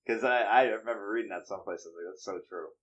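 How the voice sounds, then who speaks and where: Low-voiced musing man. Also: rapid-fire, fairly bright tone, low-quality recording. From northeastern Pennsylvania. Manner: musing, trails off with fillers. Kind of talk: casual chat.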